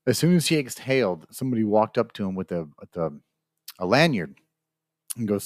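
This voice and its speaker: Low-voiced man spinning a rambling story. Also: big pitch swings, fairly quick, no room sound, studio quality. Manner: rambling storyteller, acts out the people in his story. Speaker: podcast co-host. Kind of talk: casual chat, telling a long anecdote. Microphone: studio mic.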